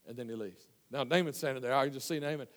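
A male pastor preaching a sermon in a church, folksy and storytelling, with many restarts, swinging from hushed asides to loud emphasis. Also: mid-range voice, very fast, long reverb tail. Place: church sanctuary.

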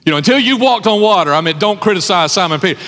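A man's voice: high voice, expressive, fast, a bit bright. A man preaching a sermon as pastor, emphatic, repeating his phrases for effect. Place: church hall with an audience. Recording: long hall reverb.

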